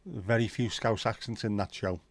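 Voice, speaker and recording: A man's voice: fairly low pitch, steady tone, normal speed. A man hosting a casual livestream chat, reading out viewer comments in a bantering, crude, sweary way. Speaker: livestream host.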